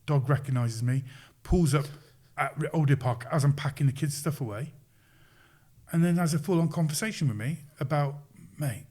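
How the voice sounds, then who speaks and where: A man's voice: fairly high pitch, normal speed. A middle-aged man, a sports coach, telling a story as a podcast guest in a casual way, acting out the quoted lines with chuckles. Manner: lively retelling, acts out quoted lines, chuckles.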